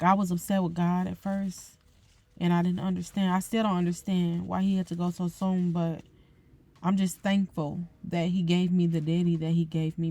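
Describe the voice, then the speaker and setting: Woman, young adult, podcast host, tearful, halting, mellow, lowish pitch. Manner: tearful, soft-spoken, halting with fillers. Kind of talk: emotional personal reflection.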